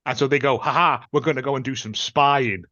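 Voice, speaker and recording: A man's voice: medium pitch, steady tone, brisk, sharp tone, no echo. A man, co-hosting a podcast and reviewing a film in a rambling, sarcastic way. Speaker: podcast co-host. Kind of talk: casual film-review chat. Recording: slightly muffled dry sound.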